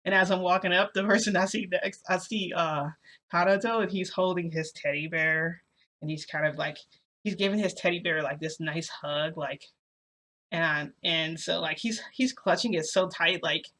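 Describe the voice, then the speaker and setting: A woman's voice: lowish voice, steady tone, normal speed, a bit bright. A young woman telling a personal story in a casual, chatty way, speaking straight to her viewers and filling it with "like" and "you know.". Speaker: storytime vlogger.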